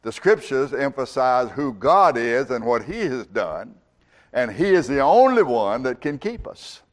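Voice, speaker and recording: Slow, emphatic male preacher. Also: medium pitch, very animated. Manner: slow, emphatic preaching that rises and swells on key words. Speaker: pastor. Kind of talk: sermon.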